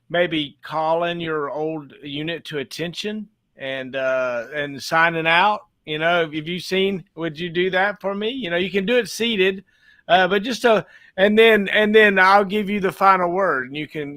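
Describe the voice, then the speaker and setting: A man hosting an interview show with a high, bright voice. He is enthusiastic and encouraging, heaping praise on his guest. His tone has a sharp, forward edge. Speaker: show host. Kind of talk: casual interview talk.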